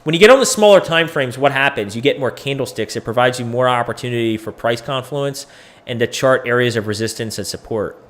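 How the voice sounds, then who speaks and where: A tired man hosts a casual crypto chart-analysis video, thinking out loud as he goes. His speech is loose and salty, with a middle-pitched voice. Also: brisk. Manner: loose, profane, thinking aloud. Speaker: crypto educator and host.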